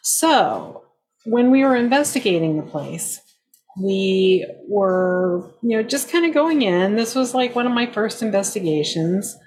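A woman's voice: mid-range voice, lively intonation, a little slow, a little mellow. A woman paranormal investigator telling a true ghost story in a casual, rambling way, with many fillers and frequent laughs.

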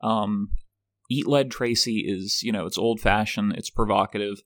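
A man's voice: fairly low pitch, fairly even intonation, moderate pace, no echo. A man co-hosting a podcast in casual film chat, dropping dry quips and wry asides. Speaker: podcast co-host.

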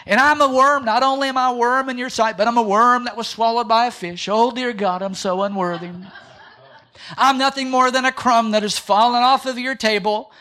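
A man's voice: extremely high pitch, steady tone, moderate pace, sharp tone, pitched above the performer's own voice. A man voicing an old male churchgoer who prays in grovelling, old-fashioned language. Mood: pleading.

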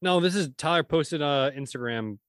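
A man co-hosting a casual chat, reading listener questions aloud slowly. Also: on the high side, a bit bright, clear, resonant tone, dry recording.

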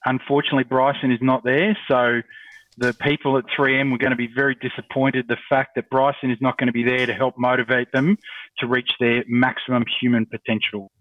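A man's voice: mid-range voice, flat delivery, fairly quick, dry recording. A man co-hosting a podcast, talking in an offbeat, joking way over a remote call. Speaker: podcast co-host. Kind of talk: casual podcast chat. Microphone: remote video call. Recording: tinny distant call audio.

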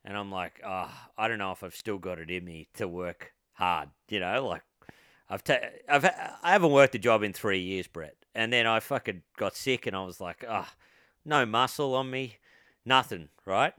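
A man's voice: on the low side, normal speed, bright, forceful tone, dry recording, studio quality. A man co-hosting a podcast, telling work stories in casual chat, swearing, laughing and asking "right?" often. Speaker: podcast co-host.

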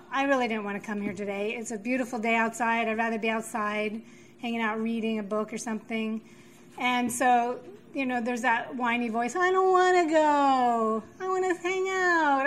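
A woman's voice: on the high side, slight background noise, rough recording. Woman sharing at a recovery meeting. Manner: halting, many fillers and restarts. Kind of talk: personal recovery share. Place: meeting room.

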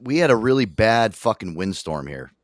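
A man's voice: fairly low pitch, big pitch swings, moderate pace, no echo, studio quality. A man hosting a radio show, telling a story casually and swearing constantly.

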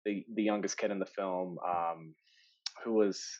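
Lively storytelling man, lo-fi sound. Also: sits low, a little slow. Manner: animated storyteller, laughs often, many fillers. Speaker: actor guest. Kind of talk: casual podcast chat.

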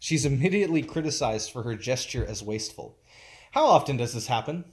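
A man preaching a conversational sermon as pastor, informal and emphatic, often pausing to search for his words. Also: medium pitch, animated.

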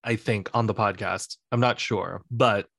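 A man co-hosting a podcast, sharing a story with lots of energy and frequent laughter. His voice is bright and forceful. The sound is dry, with little room around it. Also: on the low side, unhurried, creaky, breathy edge, no echo. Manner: animated storyteller, laughs often. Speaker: podcast co-host. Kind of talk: casual chat.

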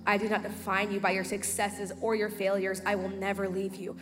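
A woman calmly reciting reassuring lines as the voice of God in a sermon skit, in a large reverberant hall with music behind. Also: medium pitch, fairly quick. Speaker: church volunteer voicing God's reassurance.

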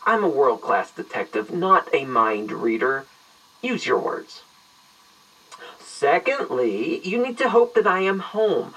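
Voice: medium pitch, fairly bright tone, far from the mic, low-quality recording. A performer playing an eccentric retired detective who gives a long, theatrical answering machine greeting in an audio drama. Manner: long-winded, verbose and mock-grand.

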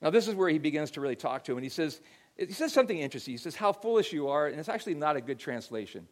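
Conversational middle-aged male pastor, higher voice. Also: sing-song, racing. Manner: conversational storytelling, frequent repeated words. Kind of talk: sermon.

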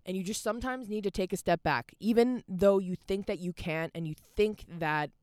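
A woman's voice: medium pitch, normal speed, a little mellow, smooth, no room sound, clean studio sound. A young woman hosting a podcast, talking candidly in a casual, rambling monologue full of "like" and restarts, at home. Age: young adult. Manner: candid and rambling, heavy use of "like". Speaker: podcast host.

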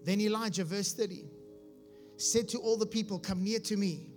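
Speaking at normal speed in a high, slightly mellow voice, a man delivers a sermon over soft background music. He reads scripture, explains it with a humorous touch, and regularly asks his listeners if they follow.

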